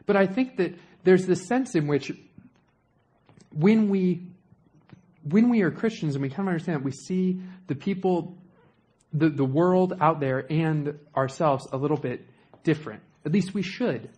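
A man's voice: fairly high pitch, a little slow, a little mellow, breathy edge. A young man preaching a sermon in a conversational way, with joking asides to the congregation.

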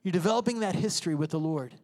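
High-pitched preaching man in a hall. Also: animated, fast, darkish tone. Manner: emphatic preaching, acting out inner voices and prayers. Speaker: pastor. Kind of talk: sermon. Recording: reverberant hall.

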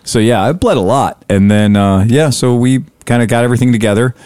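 A man telling a story in casual podcast chat, swearing freely and animated. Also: mid-range voice, a little fast, clear, resonant tone, no echo.

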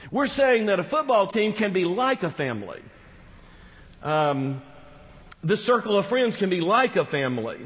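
A man's voice: sits high, big pitch swings, moderate pace, fairly bright tone. A man preaching a sermon as pastor, talking conversationally with rhetorical asides to the congregation. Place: large church hall. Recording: reverberant church hall.

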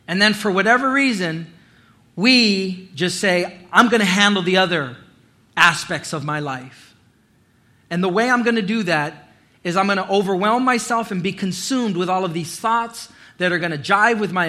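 Bright, high-voiced man preaching. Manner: animated storytelling, acting out voices and quotes. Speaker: pastor. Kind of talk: sermon.

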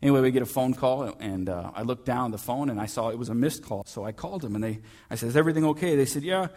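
A man preaching a sermon in a church as the pastor, in a relaxed storytelling manner with frequent fillers. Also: medium pitch, fast talker.

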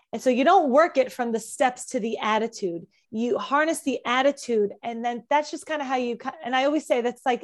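A high-pitched middle-aged woman talking as an anxiety coach on a podcast. She drives her points home with emphatic repetition. Her tone is plainly conversational. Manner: emphatic, repeats key phrases for effect.

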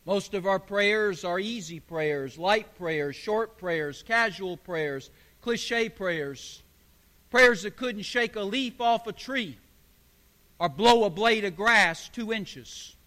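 High, bright-voiced preaching man. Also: slow pace, long reverb tail. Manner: emphatic preaching with repeated parallel phrases. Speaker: pastor. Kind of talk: sermon.

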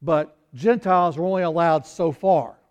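A man's voice: on the high side, normal speed, highs cut off. A man preaching a conversational Bible sermon, acting out quoted lines with small laughs and sighs. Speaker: pastor.

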